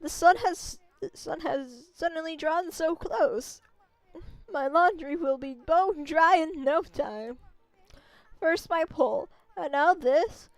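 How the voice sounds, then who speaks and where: A woman's voice: extremely high pitch, slow, no room sound, pitched above the performer's own voice, exaggerated voice. A woman voicing a kindly, fussy old village grandmother with a put-on Southern drawl, talking in a folksy, fretful way. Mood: doting fretful. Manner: folksy, fretful, gently doting. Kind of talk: voicing game characters while streaming.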